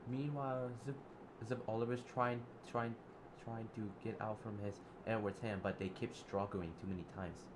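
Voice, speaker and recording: A man narrating and acting in an improvised role-play, halting and repeating words. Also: fairly low pitch, steady tone, a little hiss or hum. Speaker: role-player.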